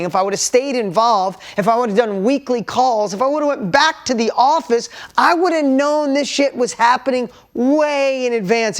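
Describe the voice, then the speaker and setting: A man delivers a motivational storytelling talk to an audience. He speaks candidly and bluntly, swears casually, and lets his emotion show. He keeps urging his listeners to take notes. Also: very high voice.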